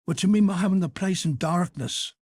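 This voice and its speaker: A man voicing a drunken, brutal father who bullies and shouts in an audiobook story. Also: sits high, fairly quick, husky, no room sound, voice pushed up. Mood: gruff demanding. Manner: bullying, shouting. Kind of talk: audiobook character voice.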